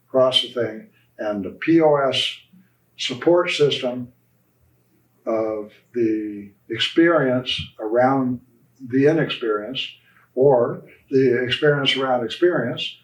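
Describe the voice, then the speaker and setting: Guy gushing about his dental work, kinda rambly, echoey room, mic far off. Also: medium pitch. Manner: passionate, rambling. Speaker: orthodontic practice founder and mentor. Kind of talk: conversational interview answers. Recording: roomy echo, distant mic.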